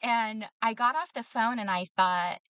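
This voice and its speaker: A woman's voice: a little high, a little slow, bright, forceful tone, no room sound. A woman co-hosting a podcast, telling a story in casual chat with lots of ums and laughs. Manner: storytelling with frequent fillers and laughs. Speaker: podcast co-host.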